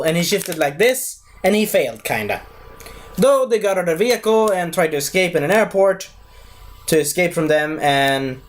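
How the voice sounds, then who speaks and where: A man giving a casual spoken movie review, rambling, losing his thread and correcting himself as he goes. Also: fairly high pitch.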